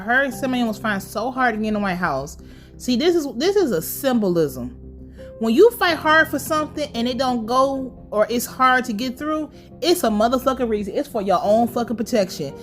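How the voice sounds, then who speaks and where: Animated, foul-mouthed woman recapping TV. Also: on the high side, normal speed, soft background music. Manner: blunt, profane and animated. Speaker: TV recap vlogger. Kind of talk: casual TV episode recap.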